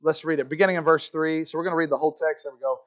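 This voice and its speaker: A high-pitched male pastor preaching to his congregation. He tells stories in a chatty, self-deprecating way and often restarts his sentences. The recording is dull and lo-fi, taken in a church. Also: fairly even intonation, rapid-fire, a bit bright. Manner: conversational, self-deprecating storytelling with frequent restarts. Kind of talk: sermon. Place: church sanctuary.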